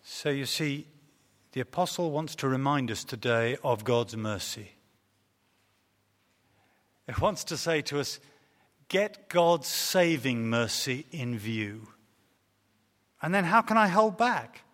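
A man's voice: a little high, lively intonation, a little slow, pauses often, a bit bright. A man preaching a sermon, earnest and storytelling, with hesitant fillers in a reverberant church hall. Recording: long reverb of a large hall.

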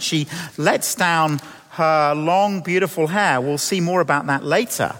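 A man, a vicar, preaching a sermon and telling the story with lively acted-out voices. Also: high voice, moderate pace, in a large hall.

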